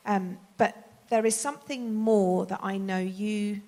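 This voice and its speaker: A woman's voice: medium pitch, fairly even intonation, a little slow, mellow. A woman hosting a panel conversation who asks enthusiastic, thoughtful questions. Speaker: panel host.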